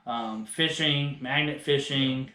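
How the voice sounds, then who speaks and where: A man's voice: medium pitch, slow, pushed and bright. A man co-hosting a casual podcast, talking in a laid-back way and laughing often. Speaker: podcast co-host. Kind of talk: casual chat. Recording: echoey room.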